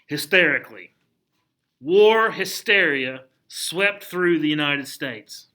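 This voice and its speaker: A man with a voice on the high side teaches a history lesson in a lively, conversational style. He puts questions to the class and slips into quick asides where he acts out historical figures.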